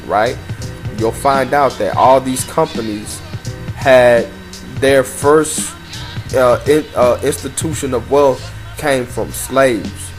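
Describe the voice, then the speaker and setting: A man reading a document aloud and commenting emphatically, with rhetorical questions. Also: medium pitch. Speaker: commentary host. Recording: over loud background music.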